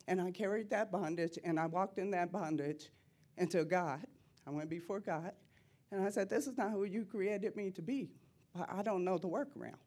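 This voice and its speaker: A middle-aged woman giving an impassioned preaching testimony in church, repeating phrases and rising to loud cries. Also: mid-range voice.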